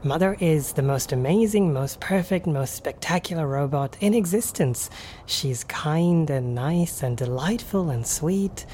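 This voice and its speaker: A woman's voice: low-pitched, expressive, measured pace, dark tone, a little hiss or hum. A woman voicing a sugary, overly cheerful guide who is eerily devoted. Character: sweet, eerily devoted desert guide girl.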